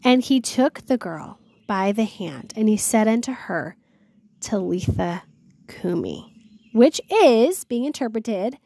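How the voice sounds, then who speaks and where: This devotional host's voice is fairly high, warm and expressive, unhurried with hardly any pauses and no room sound. She reads Bible verses and then retells them in chatty slang, earnest, awed and often exclaiming "wow".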